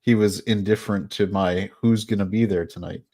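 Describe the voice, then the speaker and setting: A man's voice: on the low side, fairly even intonation, brisk, warm tone. A man hosting a casual podcast panel, joking and laughing often. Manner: laughs often, puts on a joking Jersey accent for bits. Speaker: podcast host. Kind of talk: casual chat.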